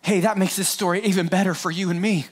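A man's voice: high-pitched, fairly even intonation, fast talker, husky. A middle-aged pastor preaching an Easter sermon to his congregation, joking and speaking to them directly. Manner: playful, joking asides, talks straight to the congregation.

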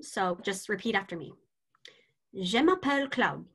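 A woman reading an impatient young woman who tutors French and snaps quickly. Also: mid-range voice, lively intonation, a bit bright, breathy edge, voice pushed down. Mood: exasperated. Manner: exasperated, quick to snap. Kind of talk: amateur scene reading.

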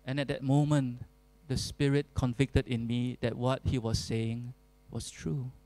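Male pastor, earnest sermon delivery, unhurried and deliberate. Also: mid-range voice, flat delivery, dark tone, poor audio. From Singapore. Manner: earnest, deliberate preaching with emphatic repetition.

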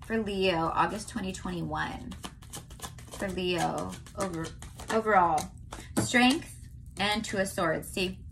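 A young woman from California giving a casual tarot reading to her viewers, chatty and often checking in with a quick "okay?". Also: lowish voice, creaky, noisy background. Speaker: tarot reader.

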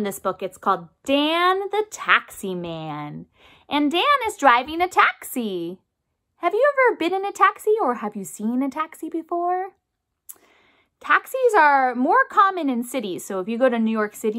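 High, lively woman music therapist. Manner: sing-song, coaxing teacher talk with call-and-response; imitates instrument sounds with her voice. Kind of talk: remote music lesson for young children.

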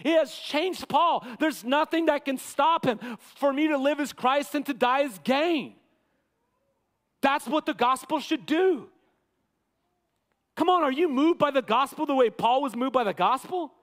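A man preaching a sermon as pastor, impassioned, sometimes acting out quotes with rising shouts. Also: very high-pitched, lively intonation, measured pace. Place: church sanctuary. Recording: long church hall reverb.

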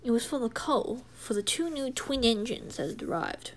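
A woman telling a home-made toy train story in a plain, unhurried manner. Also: fairly high pitch, expressive.

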